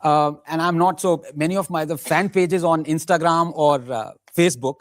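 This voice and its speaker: A man with a slightly high voice answers audience questions at a public debate. He stays measured and keeps clarifying what he means. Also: fairly even intonation. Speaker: panel guest in a debate.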